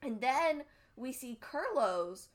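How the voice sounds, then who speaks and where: A woman's voice: high voice, animated, slow pace. A young woman casually recapping a webcomic, rambling and swearing freely as she acts out what the characters said. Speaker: podcast co-host recapping a webcomic.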